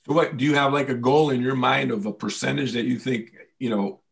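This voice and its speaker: A man's voice: medium pitch, steady tone, brisk, creaky. A man on a school board asking questions and giving earnest, loosely worded comments at a meeting.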